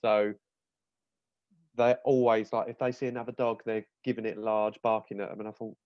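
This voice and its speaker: Easygoing man, low dry voice. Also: little pitch movement, normal speed, no echo, dull audio. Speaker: podcast guest. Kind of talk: casual podcast chat.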